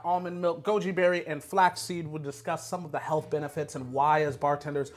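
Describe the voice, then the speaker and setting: A man hosting a casual food and whisky pairing talk in an upbeat, chatty way, often saying "you know" and repeating himself. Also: fairly high pitch. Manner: rambling with repeats. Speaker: host. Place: home kitchen.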